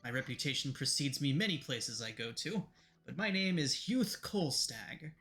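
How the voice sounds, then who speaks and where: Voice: medium pitch, sing-song, moderate pace, fairly bright tone. A game master voicing a boastful, pompous nobleman who misses every hint. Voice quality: grandiose, theatrical.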